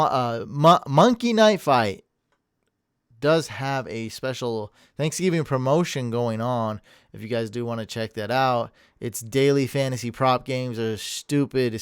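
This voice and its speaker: A man's voice: medium pitch, clear, resonant tone, dry recording, clean studio sound. A man hosting a sports podcast, chatting casually and energetically, rambling and laughing at himself. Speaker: podcast host. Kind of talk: casual chat.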